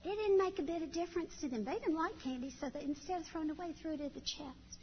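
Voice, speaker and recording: A middle-aged woman tells folksy, animated stories to a church audience. Her high voice rings with a long hall reverb. The recording sounds dull, with faint ambience behind. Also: fast talker, a little hiss or hum. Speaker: church speaker. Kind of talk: storytelling talk to a church audience.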